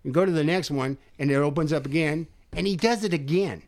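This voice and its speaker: A man's voice: a little high, a little fast. Profane older man telling a wild story. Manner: profane, animated storyteller acting out quotes. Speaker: podcast host telling a story. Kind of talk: casual storytelling chat.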